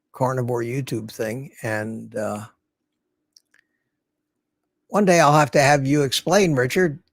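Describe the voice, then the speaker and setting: Greeting viewers by name as he rambles, an older livestream host keeps the chat casual. His voice runs on the high side, and the dry recording comes from a studio mic fed through a mixer.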